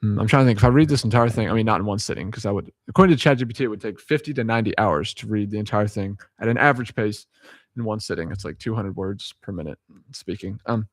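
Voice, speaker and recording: A man's voice: fairly low pitch, quick pace, no echo. A man in a casual vlog reading dictionary abbreviations aloud letter by letter. He chuckles often, corrects himself and drifts into rambling asides. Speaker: vlogger.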